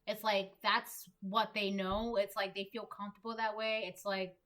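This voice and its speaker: Bright-voiced woman giving a tarot reading. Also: mid-range voice, little pitch movement, moderate pace. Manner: emphatic, repetitive, lots of "like". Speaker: tarot reader. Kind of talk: collective tarot reading, casual monologue.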